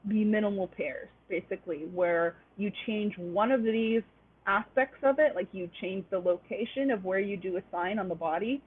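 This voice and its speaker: A woman's voice: mid-range voice, normal speed, breathy edge. A woman presenting an online linguistics lecture, explaining step by step and checking in with "right?". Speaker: webinar presenter. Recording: tinny phone-like webinar audio.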